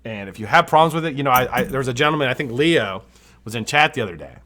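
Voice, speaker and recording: A man's voice: medium pitch, animated, fast, bright, forceful tone. A man hosting a live vape review show, talking casually and enthusiastically and swearing freely.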